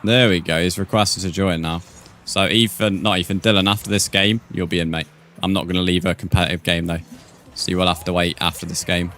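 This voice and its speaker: A man's voice: low-pitched, fairly even intonation, brisk, pushed and bright. A man streaming a game, chatting casually with viewers and calling them "mate". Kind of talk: casual live-stream chat.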